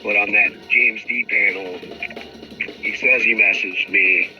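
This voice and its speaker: A man's voice: fairly low pitch, steady tone, slow pace. A middle-aged man hosting a livestream, talking in a frustrated, rambling, profane way. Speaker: livestream host. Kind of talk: casual livestream rant. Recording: dull lo-fi stream audio with music.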